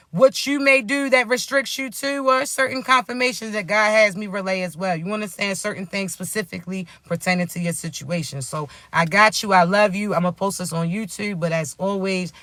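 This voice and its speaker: A woman's voice: mid-range voice, normal speed, hardly any pauses, bright, forceful tone, no room sound. A woman speaking as a spiritual coach in a casual motivational vlog, talking bluntly and cursing freely as she calls her listeners baby. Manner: blunt, profane, no sugarcoating.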